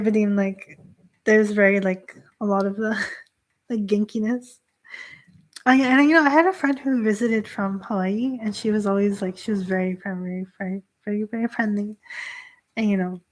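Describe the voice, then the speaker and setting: A young woman from Canada, a Shinto priestess hosting a live stream, chatting casually with frequent laughter and many fillers as she reads out viewer comments. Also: a little high.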